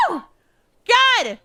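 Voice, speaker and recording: A woman reacting to a game in casual commentary, excitable, flustered and giggly. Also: very high-pitched, very noisy. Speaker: streamer.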